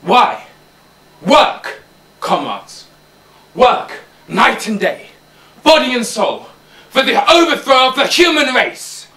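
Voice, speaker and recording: A male drama student playing an old boar who stirs the farm animals to revolt, with fiery oratory, a rasping menace and shouted key words. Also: extremely high pitch, big pitch swings, slow pace, pauses often, a little hiss or hum, heavily acted. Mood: rousing. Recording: roomy, distant mic.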